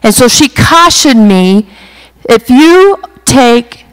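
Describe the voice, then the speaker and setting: Woman, middle-aged, high voice, unhurried, animated testimony, retreat speaker. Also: clean tone, poor audio. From western United States. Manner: animated storytelling, acts out her own panic. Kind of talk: personal testimony talk.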